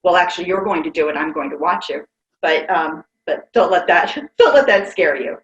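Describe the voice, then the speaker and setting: Encouraging woman facilitator, fairly low voice, echoey muffled video call sound. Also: normal speed. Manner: upbeat, encouraging, laughs often. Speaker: webinar facilitator. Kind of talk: guiding a group exercise.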